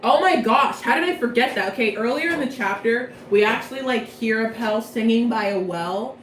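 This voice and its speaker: A woman's voice: on the high side, moderate pace, fairly bright tone, reverberant, slight background noise, poor audio. A young woman giving a casual plot recap from memory, chatty and slangy, rambling playfully. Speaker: vlogger.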